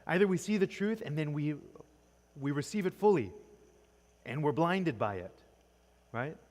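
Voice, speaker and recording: A man's voice: a little high, animated, normal speed, a little mellow. Man, poetry lecture, quizzing students, keeps asking "right?", reverberant church hall. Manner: quizzes the class, tags nearly every point with "right?". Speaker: teacher. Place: church classroom. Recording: long echoing reverb.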